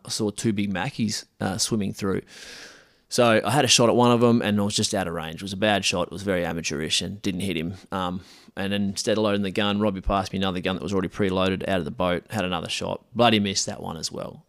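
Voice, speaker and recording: A man, a podcast host telling a story in a relaxed, slangy way with many fillers and restarts. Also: fairly low pitch, no echo, clean studio sound. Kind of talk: casual storytelling.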